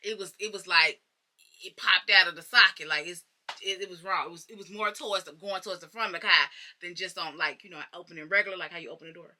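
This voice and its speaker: A woman from Arkansas talks straight to her viewers in a casual storytime. Her voice is very bright and sharp. She is animated and profane, swinging from loud outbursts to hushed, muttered asides. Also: lowish voice, fast talker. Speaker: storyteller vlogger.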